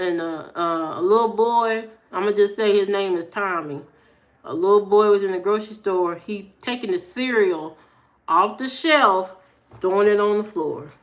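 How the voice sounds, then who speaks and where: A woman live streamer telling family stories in casual chat, acting out the people she quotes. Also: mid-range voice. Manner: animated storyteller, acts out quoted voices.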